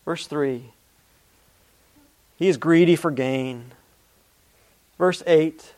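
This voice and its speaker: Male preacher with a high voice, earnest delivery, reads scripture with emphasis. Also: very slow, long pauses, a little mellow. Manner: repeats words and restarts mid-phrase. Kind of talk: sermon.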